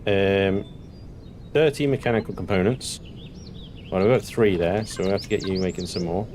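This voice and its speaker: Relaxed West Country gamer muttering along. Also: male voice, low-pitched, normal speed, a little hiss or hum. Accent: West Country English. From West Country of England. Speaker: gaming youtuber. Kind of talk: casual gameplay commentary.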